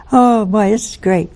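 A woman's voice: on the high side, dark tone. A woman preaching a televised sermon in a folksy, teasing way, full of rhetorical questions to her viewers.

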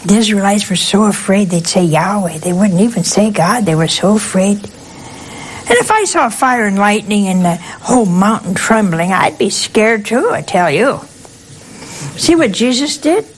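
An older woman, a nun, gives a spiritual talk as a folksy, humorous, conversational sermon, often putting questions to her listeners. Her mid-range voice is husky and animated, unhurried in pace, and the recording is of low quality.

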